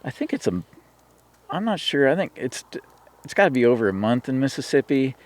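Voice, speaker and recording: His mid-range voice swings widely in pitch and runs a little fast. The podcast guest, a turkey hunter from Washington State, recounts a hunting story casually, rambling with plenty of fillers, restarts, and "you know."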